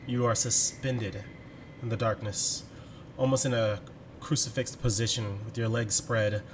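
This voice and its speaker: A man's voice: fairly low pitch, steady tone, unhurried, background noise. A man running a tabletop game as game master, describing scenes with jokey asides.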